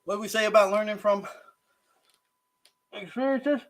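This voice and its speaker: A man hosting a casual livestream while eating hot sauces, his mouth burning and eyes teary, gasping, sighing and groaning between slow remarks. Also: high voice, a bit bright. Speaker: livestream host.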